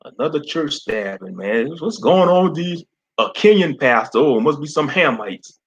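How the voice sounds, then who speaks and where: Male stream commentator, blunt and slangy, laughs a lot, slightly high voice. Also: expressive, moderate pace, lo-fi sound. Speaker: online commentator.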